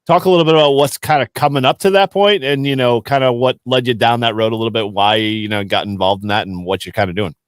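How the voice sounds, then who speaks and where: A man's voice: medium pitch, fairly even intonation, fast, few pauses, no room sound, clean studio sound. A man hosting a show, asking loose, hedging questions full of "kind of" and "a little bit". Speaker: podcast host. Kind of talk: casual interview chat.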